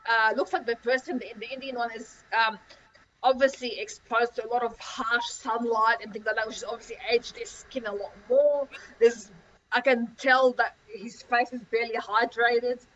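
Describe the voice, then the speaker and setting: A woman's voice: fairly high pitch, fairly even intonation, moderate pace, a bit bright, slight background noise. A woman on a group call, giving a rambling answer full of repeated fillers. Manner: rambling, repeats "obviously" and "you know". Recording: dull, muffled call audio.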